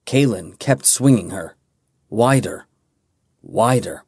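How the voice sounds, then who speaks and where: A man narrating a fantasy audiobook with a measured, dramatic reading. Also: fairly low pitch, expressive, a little mellow, husky, dry recording, clean studio sound. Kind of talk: scripted narration.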